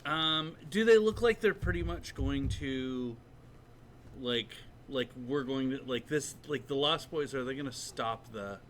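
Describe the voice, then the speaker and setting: A man's voice: mid-range voice, measured pace, a little hiss or hum. A man playing a tabletop game, thinking aloud hesitantly. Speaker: player.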